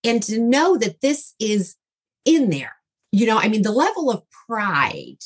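A woman's voice: on the high side, sing-song, unhurried, slightly rough. A middle-aged woman as an interview guest, telling a personal story in a heartfelt, rambling way with many fillers and restarts.

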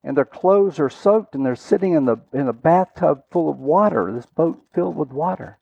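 Male preacher, fairly high voice, dramatic storytelling with loud and hushed swings; dry, muffled recording. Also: expressive, moderate pace, gravelly, husky. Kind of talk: sermon.

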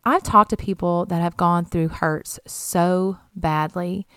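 A woman's voice: on the low side, steady tone, takes it slowly, fairly bright tone, clean tone, no room sound. A young adult woman giving an earnest, encouraging devotional talk and reading scripture aloud. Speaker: Christian podcast host.

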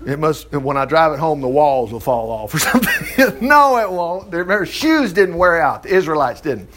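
A man's voice: a little high, very animated, normal speed, noisy background. A man preaching a folksy sermon, reading scripture aloud and acting out little dialogues with jokes and laughs. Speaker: pastor.

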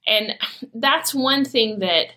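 A woman's voice: on the high side, slow, pushed and bright. A woman in her forties, a mother of teens, talking casually about parenting and prayer in a candid storytelling way. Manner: candid storytelling with laughs and acted quotes. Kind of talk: casual faith-based talk.

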